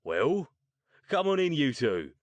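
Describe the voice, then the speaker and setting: Fields: Figure: small, wiry Cockney man voiced by a man. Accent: thick Cockney. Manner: boisterous, chummy, raised and loud. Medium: audiobook. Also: on the high side, big pitch swings, slow, no echo, highs cut off, pitched above the performer's own voice. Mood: hearty.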